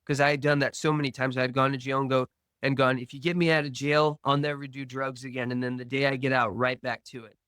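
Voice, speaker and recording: Earnest man slowly telling a story. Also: mid-range voice, flat delivery, a bit bright, clean tone, no room sound. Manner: earnest, slow storytelling with reenacted dialogue. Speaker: podcast guest. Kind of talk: personal recovery story.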